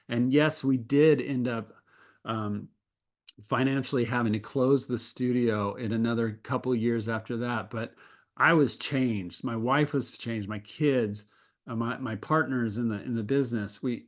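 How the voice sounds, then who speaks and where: A man telling a personal faith story as an interview guest. He speaks earnestly and often restarts his sentences. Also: medium pitch. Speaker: guest animator.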